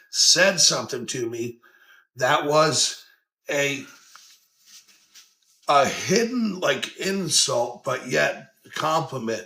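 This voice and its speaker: A man's voice: medium pitch, sharp tone. A man hosting a podcast, giving casual motivational talk in a blunt, earnest way, swearing freely and circling back over his points. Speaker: podcast host.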